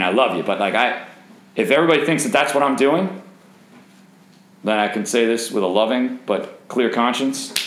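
A man's voice: fairly low pitch, fairly bright tone. A man leading a Bible study for young singles, talking conversationally, quizzing the group and joking. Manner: conversational, asks the group questions and jokes. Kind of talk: interactive Bible teaching. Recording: roomy echo.

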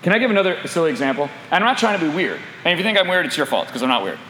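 Animated preacher in an echoey hall. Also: male voice, a little high, rapid-fire, noisy background. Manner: animated, asks the audience questions. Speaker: pastor. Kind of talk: sermon. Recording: echoey hall with long reverb.

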